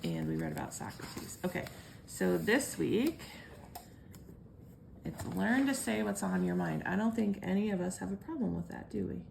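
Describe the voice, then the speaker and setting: A homeschooling mother in her thirties talks at home with a gravelly, crackly edge to her voice. Her delivery is relaxed and lightly sarcastic. A steady hum of background noise runs under the recording. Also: mid-range voice, normal speed. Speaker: homeschooling parent and vlogger. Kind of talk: casual chat and reading aloud to kids.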